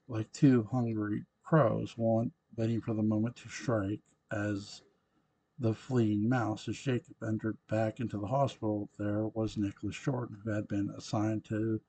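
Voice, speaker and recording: A man narrating a novel aloud in a steady, unhurried reading voice. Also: lowish voice, slight background noise, rough recording.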